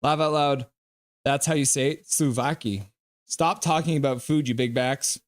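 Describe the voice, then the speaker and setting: A man's voice: mid-range voice, moderate pace. A man hosting a live stream, calling the hockey play-by-play and joking with the chat. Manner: jokey, banters with chat between play calls. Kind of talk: casual play-by-play and chat reading.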